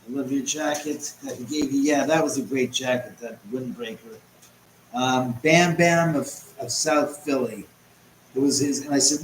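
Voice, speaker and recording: Chatty man hosting a home livestream. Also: mid-range voice. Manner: chatty, rambling, answers the chat aloud. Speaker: host. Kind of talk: live-stream chat, reading viewer comments. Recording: roomy echo, faint background noise.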